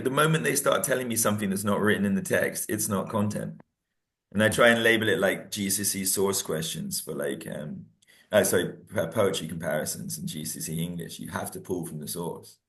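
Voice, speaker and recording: Very deep-voiced animated male teacher. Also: a little fast. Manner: animated, laughs often, acts out students' lines. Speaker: history teacher. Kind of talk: casual revision discussion.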